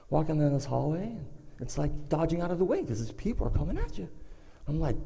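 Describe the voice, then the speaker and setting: Talking fast with a fairly high pitch and vocal fry, a man animatedly shares a funny personal story with a live audience, acting out voices and sounds. He's on a performing arts center stage, and the recording has slight background noise and the long reverb of the hall.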